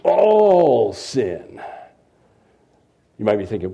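A middle-aged man preaching a sermon, swinging between loud emphasis and quiet, confiding asides. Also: high-pitched, sing-song, slow, vocal fry, long pauses, husky, highs cut off. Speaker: pastor.

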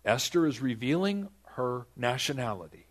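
A man's voice: mid-range voice, big pitch swings, moderate pace. A man preaching a Bible-teaching sermon, asking rhetorical questions and dramatizing the text.

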